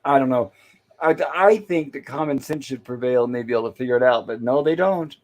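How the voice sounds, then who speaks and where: A man's voice: mid-range voice, fairly quick. A man hosting a casual chat, explaining and walking through scenes step by step. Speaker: host. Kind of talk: casual chat reviewing an old sitcom.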